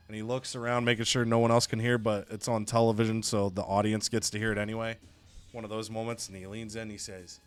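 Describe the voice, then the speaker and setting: A man's voice: on the low side, little pitch movement, quick pace, clear, resonant tone, soft background music. A man casually narrating a wrestling video game story with chatty asides.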